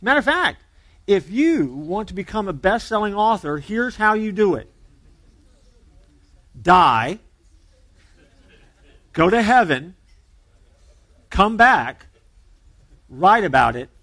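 A man's voice: high voice, a bit bright, no room sound. A man preaching a sermon as pastor, conversational and joking as he tells a story.

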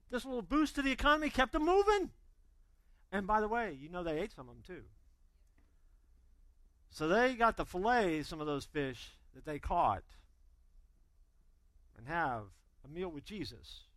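A man preaching a sermon, telling stories with energy and acting out the quotes, then dropping to quiet intensity. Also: high-pitched, moderate pace, long pauses, no echo, low-quality recording. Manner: animated storytelling, acting out quotes. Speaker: pastor.

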